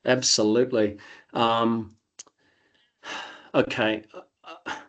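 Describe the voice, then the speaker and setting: A man's voice: mid-range voice, flat delivery, extremely slow, fairly bright tone, highs cut off. An Australian man with a nasal tone, answering interview questions thoughtfully with frequent restarts. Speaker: interview guest. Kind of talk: conversational interview.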